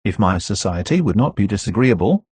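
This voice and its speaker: Brief: man voicing a cool, enigmatic count, husky and low, storybook read. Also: expressive, brisk, darkish tone, dry recording. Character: commanding, enigmatic nobleman, the Count.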